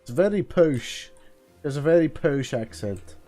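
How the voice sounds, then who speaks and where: A man's voice: on the high side, expressive, a little slow, warm tone, soft background music. A man commenting on a game, chatty and muttering to himself. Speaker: gaming video host. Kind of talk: let's play commentary.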